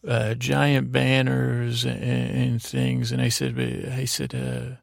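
A man's voice: mid-range voice, completely flat delivery, slow pace, creaky, hardly any pauses, no room sound. A man hosting a sleep story, telling a dream in a meandering way with many fillers and restarts, close to the mic. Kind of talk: rambling bedtime storytelling.

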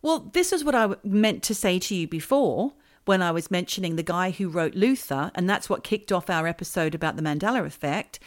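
A woman co-hosting a podcast, chatting casually and cutting in with dry, teasing quips. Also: on the low side. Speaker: podcast co-host. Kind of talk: casual chat.

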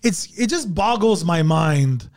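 A high-pitched man from Montreal talks as a comedian guest on a podcast. He rambles through profane stories, full of fillers and restarts. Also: expressive, takes it slowly, darkish tone. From Montreal, Canada. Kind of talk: casual podcast chat.

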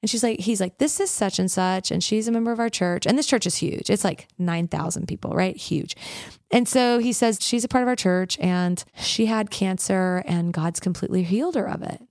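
A woman worship leader in a casual interview, telling stories with lively acted-out quotes and many "like"s. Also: medium pitch, moderate pace, no echo, clean studio sound. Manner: animated storyteller, acts out quotes, frequent "like".

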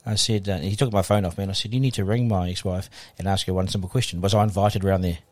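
A man with a New Zealand accent, speaking in a fairly low voice at a brisk, rapid clip. He tells his story in an animated way and plays out the quoted exchanges with people in it. This is a relaxed podcast interview. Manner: animated anecdotal storytelling, acting out quoted dialogue. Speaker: guest broadcaster.

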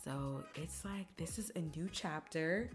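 Low-voiced woman chatting on her podcast. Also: a little slow. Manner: chatty, emotional, quotes others in animated voices. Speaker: podcast host. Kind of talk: casual personal monologue. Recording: faint music behind.

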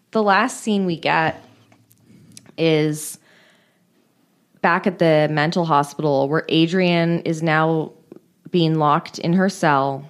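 A woman's voice: deep voice, slow, pauses often, smooth. A woman co-hosting a casual chat, retelling film scenes with many fillers. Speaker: podcast co-host.

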